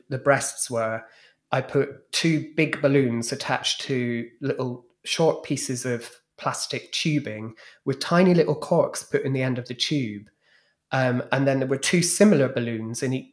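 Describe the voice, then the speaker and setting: A man, a guest in an interview, telling frank, bawdy stories about his past stage acts. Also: mid-range voice. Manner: frank, bawdy, animated storytelling. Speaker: guest, former club DJ and drag performer. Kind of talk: anecdotal storytelling in a podcast interview.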